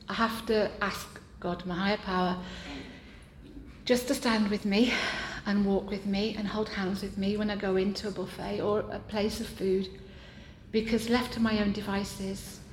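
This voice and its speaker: A woman speaking candidly and earnestly, with self-deprecating humor, as she shares at a support group meeting. Her voice sits at an ordinary middle pitch. It rings through a roomy, echoing meeting room, with faint background noise. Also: vocal fry, a little mellow. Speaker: meeting member sharing.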